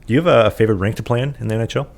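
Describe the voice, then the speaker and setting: A man's voice: on the low side, racing, darkish tone. A man hosting a podcast, asking questions in a chummy, jokey way, full of "dude" and "like". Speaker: podcast host. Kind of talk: casual interview chat.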